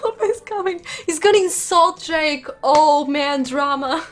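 A woman with a high voice narrates her video game at a relaxed, unhurried pace, laughing often and reacting aloud. She speaks close to a desk microphone. Faint game music plays underneath. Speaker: gaming YouTuber. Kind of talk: let's play commentary. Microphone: desk USB microphone.

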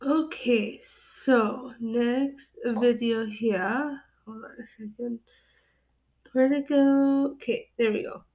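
A woman with a fairly high, steady voice speaks slowly as she hosts an animal video reaction channel. She chats casually and giggles a lot, laughing between her comments. The audio sounds tinny, like a phone.

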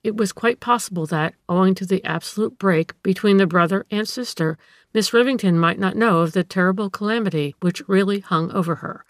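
A woman reading a classic story aloud in steady, measured narration. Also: medium pitch, no room sound, studio quality. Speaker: audiobook reader.

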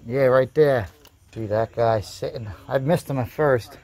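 A man who collects toys, giving casual running commentary with quick, blunt verdicts and casual swearing while shopping in a toy store. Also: mid-range voice, vocal fry, mellow. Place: busy toy store, indoors. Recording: crowded store noise behind.

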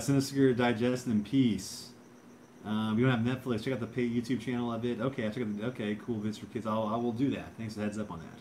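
A man's voice: mid-range voice, darkish tone, a little hiss or hum. A man in his thirties hosting a casual livestream, reading out chat and rambling with lots of fillers and repeated words.

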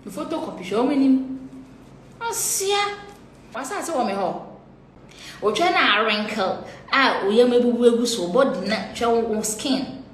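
A woman with a fairly high voice teases and mocks in a loose, casual live-stream chat. The sound is roomy and echoey, with a faint hiss underneath. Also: lively intonation, moderate pace. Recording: echoey room, faint noise.

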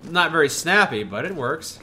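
A man's voice: a little high, expressive, normal speed, sharp tone. A young man co-hosting casual gaming commentary, with dry, teasing quips. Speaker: let's play co-host.

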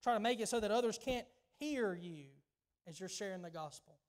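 A man with a Southern US accent delivers a sermon in a church, his voice sitting notably high for a man. He preaches in an emphatic yet conversational way, doubling back on words as he builds his point. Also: animated, a little fast. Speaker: pastor.

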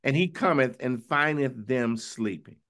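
A bishop preaching a Bible study sermon in a conversational, questioning way, often asking "right?" and reading scripture slowly. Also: male voice, mid-range voice, animated, a bit bright. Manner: conversational, questioning, tag "right?" after points; reads scripture slowly and drawn out.

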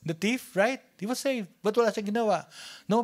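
A male pastor with a Filipino accent and a high voice preaches briskly, swinging from quiet near-whispers to loud, emphatic delivery and often repeating or restarting phrases.

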